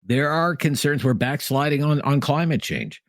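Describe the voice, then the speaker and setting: A man hosting a radio call-in show, briskly steering callers with short acknowledgments. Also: fairly high pitch, animated, dry recording, clean studio sound. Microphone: studio microphone.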